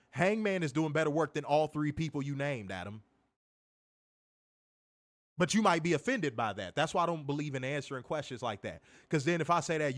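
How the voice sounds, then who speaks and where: A man co-hosting a wrestling review show, reading comments and ranting casually with plenty of profanity. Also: on the high side. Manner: animated, profane, laughing rants.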